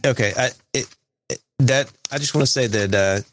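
A man's voice: medium pitch, normal speed, music in the background. A man from Alabama, co-hosting a podcast in casual chat and reading donor notes aloud with lots of fillers. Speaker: podcast co-host.

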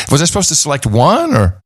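A man's voice: mid-range voice, a bit bright. A man co-hosting a podcast, chatting casually and joking as he reads out listener donation notes. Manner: joking, laughs often, quick asides. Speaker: podcast co-host.

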